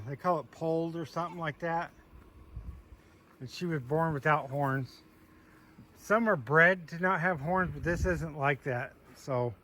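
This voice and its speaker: A man's voice: on the high side, a bit bright, a little hiss or hum. Man coaxing goats on his farm. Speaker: homesteader showing his animals. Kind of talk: casual farm walkthrough vlog. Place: outdoors on a small farm by animal pens.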